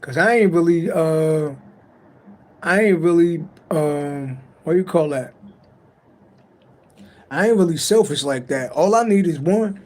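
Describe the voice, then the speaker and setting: A man's voice: a little high, a little slow, long pauses. A man giving a late-night tarot reading on a livestream, talking in a loose, profane, rambling and joking way. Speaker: tarot reader on a live stream. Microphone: livestream mic.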